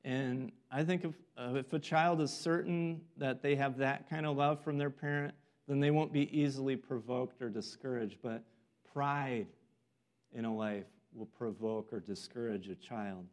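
A man's voice: medium pitch, a little slow. A man preaching a sermon earnestly, acting out the voices of people in a story. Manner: earnest, acts out quoted voices.

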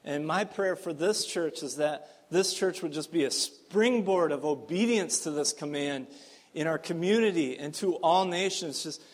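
A man's voice: on the high side, normal speed. A man preaching a sermon as pastor, earnest and emphatic, with frequent fillers.

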